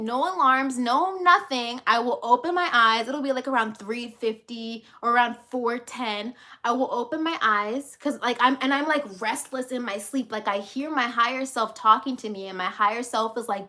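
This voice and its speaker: A woman's voice: a little high, normal speed, few pauses, sharp tone. A woman coach giving a motivational vlog talk, emphatic and repetitive, casual and willing to swear. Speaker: life and business coach.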